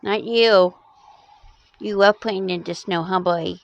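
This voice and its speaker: Cooing woman with a gravelly voice. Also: mid-range voice, fairly even intonation, slow pace, lo-fi sound. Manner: cooing, baby-talk to animals. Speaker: pet owner. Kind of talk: casual talk to pets.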